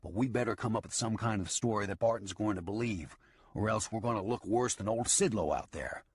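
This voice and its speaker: A man voicing a calm, scheming outlaw leader who gives firm orders in an audiobook. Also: fairly low pitch, a little fast, slightly rough, no room sound. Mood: commanding. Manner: firm, commanding.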